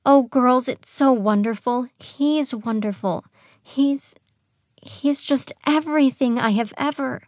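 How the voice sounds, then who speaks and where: A woman's voice: mid-range voice, moderate pace, darkish tone, no echo, clean studio sound, natural voice. A woman voicing a radiant, composed young woman who speaks breathily with delight in an audiobook reading. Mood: elated.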